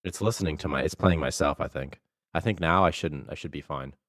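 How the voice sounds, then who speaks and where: A man's voice: extremely low pitch, a little fast, fairly bright tone. A man, a game developer, chatting casually on a livestream and muttering to himself while he fixes his setup. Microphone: desktop mic with webcam.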